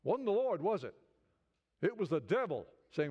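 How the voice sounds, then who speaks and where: High-voiced man preaching a sermon. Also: very animated, normal speed, long pauses, darkish tone, husky. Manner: conversational preaching, many restarts, rising fervor. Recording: dull lo-fi sound.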